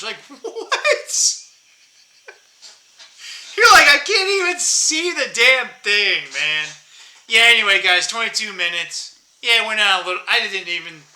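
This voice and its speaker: A man talks casually to his viewers, rambling from story to story and laughing often. His voice sits high and rings very bright. The sound carries a roomy echo. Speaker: vlogger.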